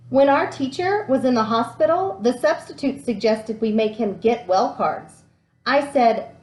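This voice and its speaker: A woman teacher giving a lesson and reading a picture book aloud with lively expression and frequent fillers. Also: a little high. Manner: animated storyteller who reads with many fillers. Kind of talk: classroom read-aloud and lesson. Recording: echoey room.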